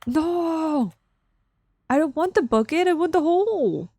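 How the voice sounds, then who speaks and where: A woman streaming a video game, commenting excitably and repeating phrases over and over into a close microphone. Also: very high-pitched, measured pace, dry recording. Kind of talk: let's play commentary.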